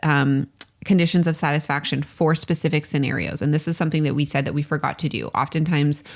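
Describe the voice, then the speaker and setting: A woman's voice: deep voice, fairly even intonation, fast talker. A woman in her thirties co-hosting a podcast, chatting casually, laughing often and swearing freely. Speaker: podcast co-host. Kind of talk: casual chat.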